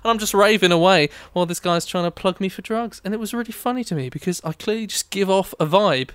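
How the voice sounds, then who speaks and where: Young man, casual chat, bright and crisp voice, dry close sound. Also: high-pitched, fast, dry recording. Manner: energetic, rambling, swears casually. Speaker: musician.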